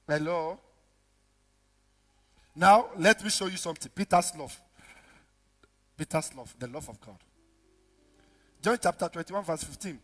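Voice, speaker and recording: A pastor preaching a sermon, acting out dialogue with sudden shouts and low mutters. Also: male voice, a little slow, pauses often. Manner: animated preaching, acts out dialogue, big swings from shouts to mutters. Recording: reverberant hall with music behind.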